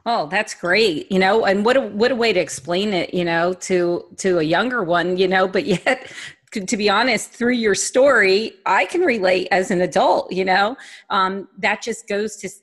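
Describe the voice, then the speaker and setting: A woman's voice: medium pitch, normal speed. A woman hosting a radio show, reflecting on her guest's story in a chatty way, with many fillers. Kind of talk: casual radio show interview.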